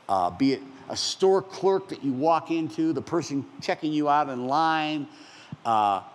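A pastor in his sixties preaching a conversational, animated sermon with self-deprecating asides. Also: a little high. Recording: long hall reverb, faint ambience.

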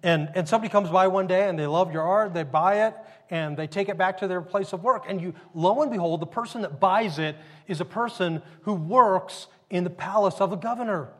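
A man's voice: sits high, brisk, few pauses, fairly bright tone, in a large hall. A man preaching a sermon in a conversational storytelling manner, often restarting his sentences. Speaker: pastor.

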